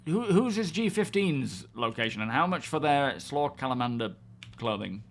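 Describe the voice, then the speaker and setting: A man's voice: mid-range voice, lively intonation, moderate pace, a little hiss or hum. Chatty man hosting a game stream. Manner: chatty, greets viewers, thinks aloud. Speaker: livestream host. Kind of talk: casual gaming livestream chat.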